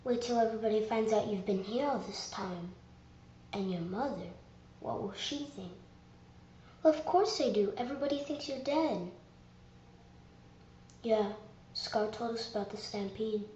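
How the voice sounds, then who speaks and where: A woman's voice: mid-range voice, measured pace, long pauses, mellow, echoey room, lo-fi sound, slight background noise, close to an everyday voice. A woman doing Nala, an earnest young lioness. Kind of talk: fan voice audition.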